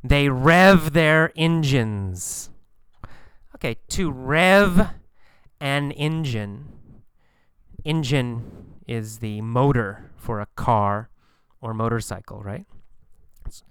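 Slow, patient male English teacher. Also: medium pitch, a bit bright, smooth, dry recording. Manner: patient, repeats phrases, acts out quoted lines. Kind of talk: slow explanatory lesson.

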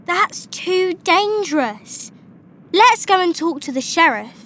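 A woman reading a storybook aloud and voicing a worried, sensible young girl in a high, bright voice. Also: animated, slow pace, full character voice.

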